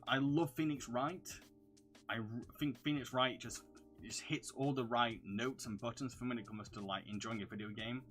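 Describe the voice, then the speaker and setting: Chatty low-voiced young man from northern England. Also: fairly bright tone. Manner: chatty, rambling, hums filler syllables between questions. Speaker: YouTube reviewer answering viewer questions. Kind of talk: casual livestream Q&A.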